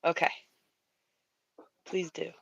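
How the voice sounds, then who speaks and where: A woman's voice: slow pace, dry recording, dull audio. A Canadian woman chatting casually while painting on a stream, laughing easily and teasing herself.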